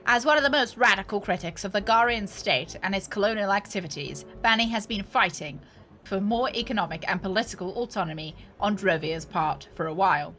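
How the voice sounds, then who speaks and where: A woman puts on a polished female news anchor for a sci-fi game, delivering a bulletin in a measured, formal cadence. The voice is bright and clear, with soft music underneath. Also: medium pitch, lightly acted. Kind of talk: reading a scripted news segment aloud.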